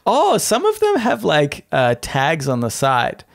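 A man's voice: on the high side, wildly swooping pitch, a little slow. A man hosting a podcast, reading a list aloud and laughing often in casual comedic chat. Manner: giggly, reads out a list, laughs a lot. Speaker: podcast host.

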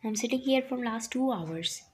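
A woman's voice: fairly high pitch, expressive, moderate pace, slight background noise. A young woman narrating a first-person fan fiction story, plain and at times indignant.

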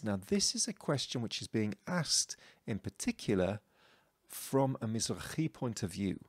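A man's voice: on the low side, very animated, moderate pace, slightly rough, no room sound, studio quality. A man explaining a song's cultural references in a chatty, explanatory lesson style. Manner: chatty, explanatory, with asides like "okay?" and "shall we say". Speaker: educator explaining a song.

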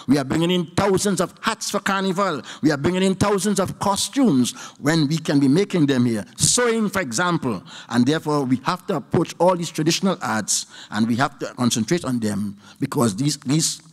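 A man with a Trinidadian accent delivers an emphatic speech to an audience, his voice sitting a little high. He drags out his key points slowly and repeats them. The sound carries a long reverb from a large hall. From Trinidad and Tobago. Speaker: university professor giving a budget response.

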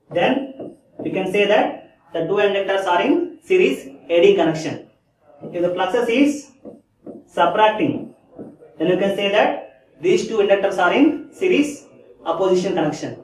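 High-voiced lecturing man in echoey room. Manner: repeats key phrases, checks understanding with "Clear?". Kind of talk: classroom lecture. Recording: echoey room, distant mic.

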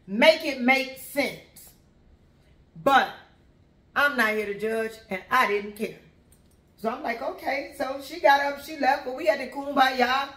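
A woman's voice: sits high, normal speed, roomy sound. A woman telling a long personal story in a casual, conversational way, talking straight to her listeners. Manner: animated, conversational, addresses listeners as y'all.

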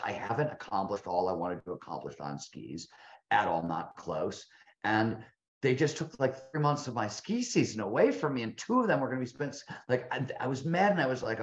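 A man in his fifties, a guest author telling a long story in a casual interview, rambling with frequent restarts and fillers. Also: on the low side. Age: 50s. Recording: roomy, dull lo-fi sound.

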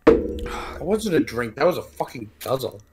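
A man's voice: medium pitch, sing-song, unhurried. A man co-playing a horror game in casual chat, making dry, wry remarks. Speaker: co-player and guest. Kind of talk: casual let's-play chat.

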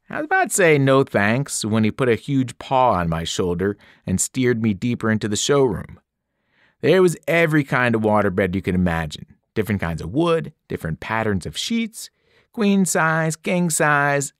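A man, a teacher, reading a novel aloud in expressive first-person narration. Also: lowish voice, normal speed, dry recording, studio quality. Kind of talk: audiobook narration.

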